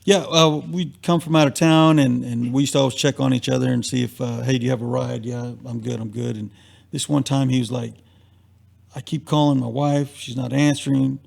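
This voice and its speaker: Guest storyteller: a man with a gravelly, husky voice, rambling through anecdotes on a live stream. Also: mid-range voice, steady tone, fairly quick, darkish tone. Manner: rambling anecdotes with acted-out quotes. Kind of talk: casual storytelling.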